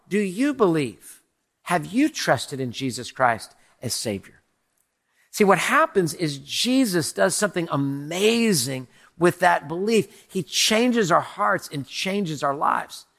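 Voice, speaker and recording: A man with a notably high voice preaches an Easter sermon to a congregation. He talks with lively energy. He drives his points home by asking the same rhetorical questions again and again. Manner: animated, asks repeated rhetorical questions. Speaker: pastor. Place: church in front of a congregation.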